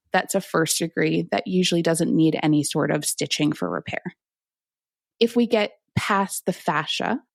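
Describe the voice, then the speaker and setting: A woman physician guest in a conversational interview, explaining things calmly and in clinical detail. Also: fairly low pitch, vocal fry, dry recording, studio quality.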